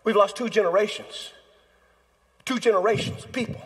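In a church sanctuary full of long reverb, a male pastor delivers a sermon at a moderate pace. His voice is notably high, husky and breathy, and he dramatizes the voices he quotes.

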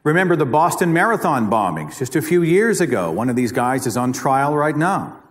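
Pitched on the high side and sing-song at a normal speed, an Oklahoma-born guest speaker delivers an emphatic, dramatic public talk, repeating phrases for effect. It's captured live in a lecture hall with plenty of echo.

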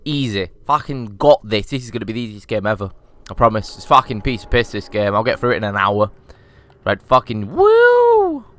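A man's voice: on the low side, brisk, fairly bright tone. A young man doing casual, sweary let's-play commentary as a gaming YouTuber. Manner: sweary, cheeky, chatty.

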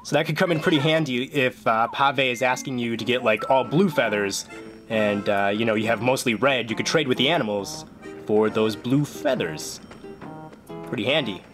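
A host giving casual, jokey commentary on a game they are playing, with playful and excitable outbursts. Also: mid-range voice, moderate pace. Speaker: gameplay video journal host. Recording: game music clearly behind the voice.

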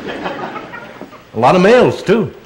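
Male guest speaker, slightly high voice, loose and rambling, answers a crowd's questions in an auditorium. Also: wildly swooping pitch, slow, slight background noise, low-quality recording. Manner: chatty, rambling, calls audience members dear. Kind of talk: talk and audience Q&A. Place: large auditorium.

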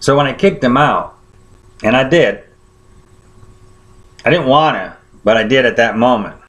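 Man of medium pitch preaching in a chatty storytelling style, checking in with the congregation. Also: measured pace, fairly bright tone. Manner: conversational, often checks in with listeners. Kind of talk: sermon storytelling.

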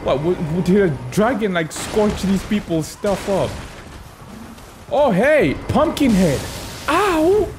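Gamer guy, high animated voice, unhurried, talks trash at enemies; noisy capture with game sound. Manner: playful, talks back to enemies and chuckles. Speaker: gaming video creator. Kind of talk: casual gameplay commentary.

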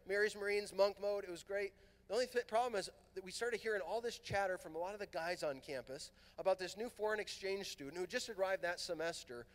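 Guy from southern california telling a story on stage, bounces into voices, big echoey fieldhouse. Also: sits high. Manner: animated, acts out quoted dialogue. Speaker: priest and conference speaker. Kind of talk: storytelling talk to a youth conference. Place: large fieldhouse hall. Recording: long hall reverb.

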